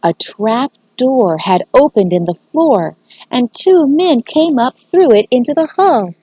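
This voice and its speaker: A woman teacher reading a children's book aloud, expressive and aimed at young listeners. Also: sits high, measured pace, slightly rough, dry recording, lo-fi sound.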